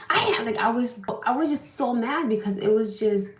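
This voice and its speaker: A woman's voice: a little high, moderate pace, echoey room. A young woman, telling a story casually to her livestream viewers and venting. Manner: animated, venting, talks straight to viewers. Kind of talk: casual live-stream storytelling.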